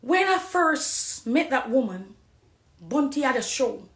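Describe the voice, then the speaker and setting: A middle-aged Jamaican woman giving an impassioned personal testimony on a live stream, preachy, swinging between hushed confiding and loud accusing. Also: sits high, sing-song, slow pace, reverberant. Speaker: dancehall artist on a live stream.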